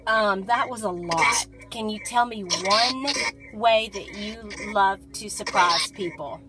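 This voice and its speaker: Woman vlog host, slow unhurried delivery, gushing and giggly, faking an accent, music playing underneath. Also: mid-range voice. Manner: gushing and giggly, talks to the doll; using a fake accent. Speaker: host of a haunted doll channel. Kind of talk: casual vlog, spirit session.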